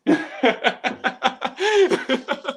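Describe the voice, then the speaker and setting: A man's voice: very high-pitched, expressive, extremely slow, a bit bright. A man hosting a casual live stream about metal music, reading viewer messages and rambling animatedly, swearing freely. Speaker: metal YouTube channel host.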